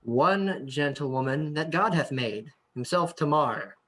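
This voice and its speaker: A woman's voice: deep voice, expressive, unhurried, fairly bright tone, full character voice. A woman playing an earnest young nobleman in a video-call staged reading.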